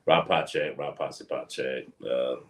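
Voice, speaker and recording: Deep-voiced man trading blunt teasing banter. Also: fairly even intonation, measured pace. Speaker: podcast co-host. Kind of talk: casual chat.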